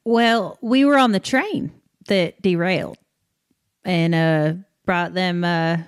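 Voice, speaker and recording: A woman's voice: fairly low pitch, slow pace, clear, resonant tone. A woman playing a tabletop game who speaks in a casual, easygoing way. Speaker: player.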